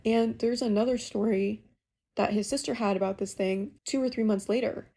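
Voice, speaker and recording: Young woman telling her ghost story, chatty, kinda gravelly and warm. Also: on the high side, normal speed. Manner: chatty, animated retelling. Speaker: caller sharing a ghost story. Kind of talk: casual storytelling.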